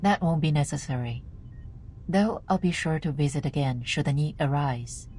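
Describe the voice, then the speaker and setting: A woman voicing a cool, formal administrator in a game, speaking in a calm, businesslike way. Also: deep voice, normal speed, a little hiss or hum, natural voice. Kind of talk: game voice acting.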